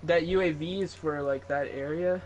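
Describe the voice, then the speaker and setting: A man's voice: a little high, fairly even intonation, moderate pace, slight background noise. A laid-back man chatting with friends during an online game, giving tips and asking for gear. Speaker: gamer. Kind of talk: casual game chat.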